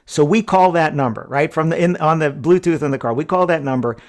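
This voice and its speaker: A male podcast host with a gravelly, fry-edged voice that sits a little high. He tells long anecdotes in a loose, chatty way. He keeps checking in with his guest through a casual "right?". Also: a little fast. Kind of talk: conversational podcast storytelling.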